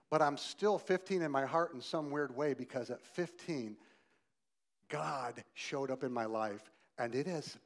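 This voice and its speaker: A middle-aged man preaching as a guest speaker, animated and emphatic, swinging from loud bursts to hushed lines and getting the listeners to answer aloud. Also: medium pitch. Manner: asks the listeners to join in aloud. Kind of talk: sermon.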